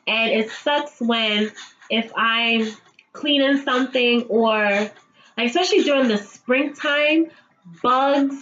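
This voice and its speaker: A woman's voice: a little high, takes it slowly, a bit bright, lo-fi sound. A woman giving a casual, chatty recap of a TV episode, swearing freely and laughing often. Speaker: TV episode reviewer.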